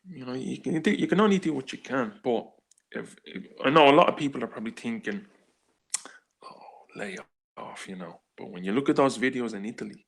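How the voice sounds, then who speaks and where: A man in his forties with a Dublin accent, chatting casually as a panelist on a live stream, talking in halting, rambling bursts with many restarts. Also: medium pitch, lively intonation, vocal fry. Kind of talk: casual chat.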